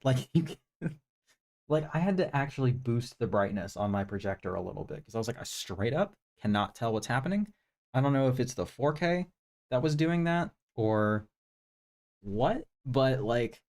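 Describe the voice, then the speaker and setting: This man's voice sits at medium pitch and sounds a little mellow. He's hosting a live stream from a home room with a projector, chatting through movie reviews in a loose, rambling style packed with fillers.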